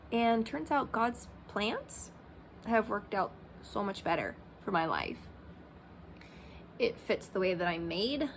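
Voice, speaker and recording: A woman's voice: fairly high pitch, slight background noise. A woman in her thirties talking candidly in a personal vlog, rambling with many fillers like "um" and "like". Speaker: Christian vlogger.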